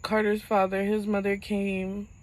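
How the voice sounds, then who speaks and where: Speaking directly to her camera, a young woman vlogger tells a personal story in a mid-pitched, monotone voice. She halts and her voice catches as she holds back tears, often restarting sentences. The audio quality is poor.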